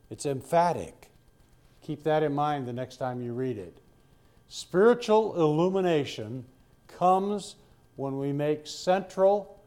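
A man's voice: on the high side, dark tone. An older man preaching a Bible-study sermon in a folksy, rambling way, with asides to his listeners.

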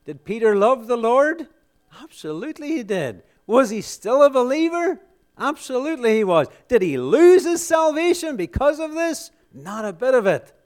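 A man preaching a sermon, asking rhetorical questions and answering them emphatically, swinging between loud exclamations and hushed, solemn lines. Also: very high-pitched, sing-song, moderate pace.

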